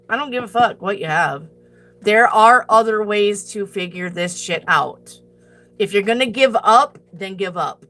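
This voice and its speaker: A woman's voice: medium pitch, pushed and bright. A woman reading tarot on a live stream, talking bluntly and profanely as she answers her chat and hands out tough advice.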